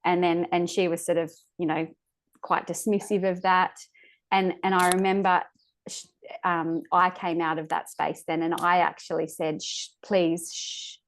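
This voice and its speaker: A woman, a podcast guest, recounts a personal birth story in a halting way, searching for words and restarting her sentences, sounding close to tears at times. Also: fairly low pitch, level tone.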